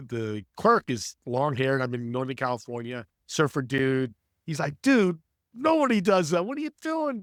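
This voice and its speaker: A man as a podcast guest and networking coach, telling stories in an energetic, preachy way and speaking straight to the audience. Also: mid-range voice, no room sound, studio quality. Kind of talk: conversational storytelling.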